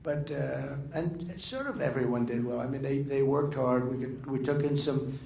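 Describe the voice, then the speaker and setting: A man's voice: mid-range voice, normal speed, vocal fry, darkish tone. Older guy riffing at a dinner, lots of uhs and restarts, roomy echo, faint crowd hum. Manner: rambling, digressive, with many fillers and restarts. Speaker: political speaker. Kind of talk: off-the-cuff dinner speech. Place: dinner event in a large room. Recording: echoey room with faint ambience.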